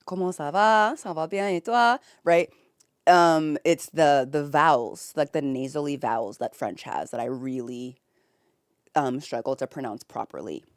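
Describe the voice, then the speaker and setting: A woman's voice: low voice, clean tone, dry recording, clean studio sound. A young American woman streaming from bed, chatting casually with viewers, reading chat aloud and laughing often. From United States. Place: home, in bed.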